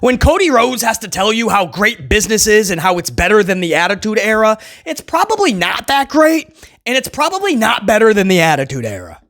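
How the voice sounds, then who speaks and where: A man reviewing a wrestling show in casual, sarcastic commentary. His pitch swings widely as he mocks and chuckles at his own jokes. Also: sing-song, fairly quick, fairly bright tone. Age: adult who was a kid in the late 1990s.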